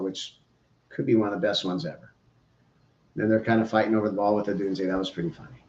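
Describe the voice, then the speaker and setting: A man's voice: fairly low pitch, a little fast, a little mellow. A man hosting a podcast, giving opinionated, rambling, joking sports commentary. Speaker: podcast host. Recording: roomy, dull lo-fi sound.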